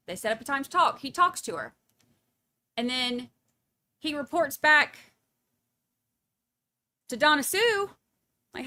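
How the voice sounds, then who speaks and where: High bright woman ranting about a trial case, sarcastic, lively. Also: a little slow, pauses often. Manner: animated, sarcastic, mocking impressions. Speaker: true crime commentator. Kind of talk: casual livestream commentary.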